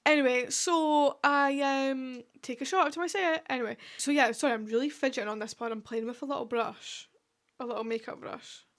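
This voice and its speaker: A woman's voice: high-pitched, fairly quick, a bit bright. Chatty Scottish woman, rambling podcast talk. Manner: rambling, chatty, full of fillers and asides. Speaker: podcast host. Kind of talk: casual solo podcast chat.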